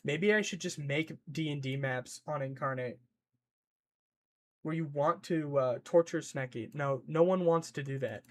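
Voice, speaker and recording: Slightly high male voice, excitable rambling streamer, casual chat, reacting to chat. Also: measured pace, slight background noise. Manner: excitable, rambling, scolding his pet and reading chat.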